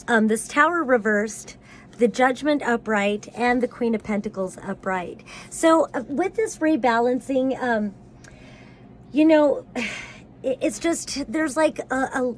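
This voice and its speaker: A woman's voice: on the high side, a little hiss or hum. A woman giving a casual tarot reading, talking in a rambling, hesitant way with many fillers and restarts. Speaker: tarot reader.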